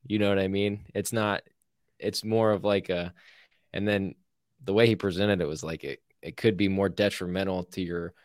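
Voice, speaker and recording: Very deep-voiced man, chatty and laughing. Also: moderate pace, no room sound, clean studio sound. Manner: laughs easily, rambling, says "you know what I mean?". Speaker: podcast co-host. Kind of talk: casual conversation.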